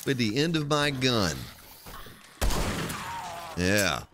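A man's voice: medium pitch, big pitch swings, drawn-out words, background noise. A man streaming a survival game live, chatting casually and playfully joking with his chat while he plays.

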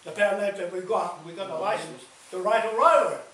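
High-voiced emphatic New man. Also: brisk, fairly bright tone. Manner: emphatic, repetitive, laughs between points. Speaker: speaker at a community meeting. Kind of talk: animated storytelling talk. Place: large meeting hall. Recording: echoey room from far off, faint noise.

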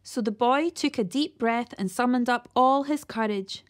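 A woman reading a children's novel aloud, steady, with the odd slip and restart. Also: on the high side, normal speed. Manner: steady read-aloud with occasional slips and restarts. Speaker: storyteller reading a children's book.

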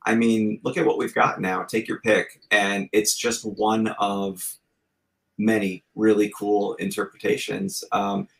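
A man's voice: lowish voice, fairly even intonation, a little slow, gravelly, rough recording. A man in his forties, a podcast guest, telling stories in an earnest, reflective way in casual chat. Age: 40s.

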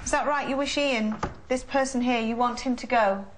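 A woman hosting a live ghost hunt, leading a séance in an excitable manner that often drops to a whisper. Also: a little high, moderate pace, slight background noise. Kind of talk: live paranormal investigation.

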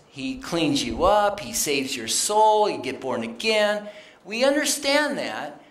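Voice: mid-range voice, a bit bright. A guest speaker giving a conversational sermon in a church sanctuary, plainspoken and quoting scripture, talking straight to the congregation. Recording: roomy church acoustics.

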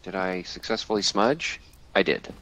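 A man's voice: sits low, normal speed, bright, forceful tone, a little hiss or hum. A man playing a ghost-hunting game with friends, focused and methodical in casual chat. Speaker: fellow player.

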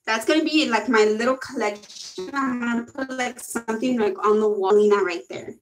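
A woman's voice: fairly high pitch, normal speed, slight background noise, low-quality recording. A young woman gushing and giggling through a casual makeup haul video. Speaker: beauty vlogger.

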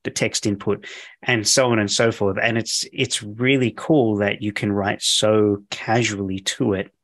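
A man's voice: lowish voice, fairly even intonation, a little slow, a bit bright. A man co-hosting a podcast, interviewing his co-host in an enthusiastic, chatty way. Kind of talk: casual podcast chat.

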